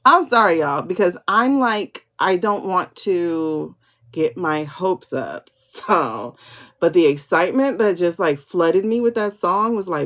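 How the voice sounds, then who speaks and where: A woman hosting a livestream pendulum reading, excitable, repeating herself as she questions her spirit guide and talks to viewers. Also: on the low side, a little slow. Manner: excitable, keeps repeating "hold on" while asking questions. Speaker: tarot reader host. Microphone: phone or computer mic for livestream. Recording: dull lo-fi livestream audio.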